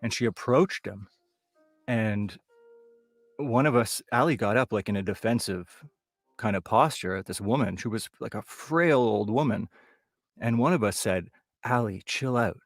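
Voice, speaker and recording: Brief: comedian, male, from Toronto, lowish voice, conversational ghost-story telling. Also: moderate pace, no echo, clean studio sound, faint music behind. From Toronto area, Canada. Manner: conversational, loose, building suspense. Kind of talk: live comic storytelling.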